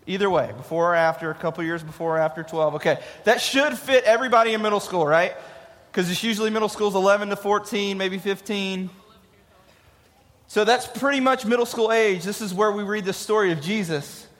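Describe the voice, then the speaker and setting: High-voiced man preaching in an echoing hall. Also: fairly bright tone. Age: 30s. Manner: casual and joking, asks the crowd questions. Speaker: youth pastor. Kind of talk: youth sermon. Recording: long hall reverb.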